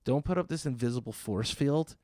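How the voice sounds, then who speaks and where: A man's voice: mid-range voice, fairly quick, warm tone, dry recording, studio quality. A man telling a stand-up story in a sarcastic, exasperated way, acting out the people in it. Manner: exasperated, sarcastic retelling with acted-out quotes.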